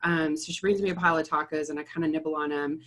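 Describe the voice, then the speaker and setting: A woman's voice: deep voice, fairly even intonation, quick pace, a bit bright, slight background noise. A young adult woman, a therapist, chatting casually and rambling through a story, laughing often. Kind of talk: casual chat.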